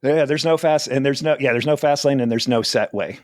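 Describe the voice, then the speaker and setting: A man in his forties from New Jersey, a comedian, chats fairly quickly in a mid-range voice as a guest in a casual interview. He's rambling and self-deprecating, often breaking into laughter. There's no echo, and the audio is studio quality.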